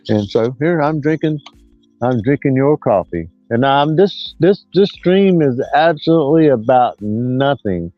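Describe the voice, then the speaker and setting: Sixties man, livestream host, mid pitch, meandering folksy talk, lo-fi mic. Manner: rambling, drawn out, folksy. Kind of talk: casual livestream chat. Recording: dull lo-fi dry sound.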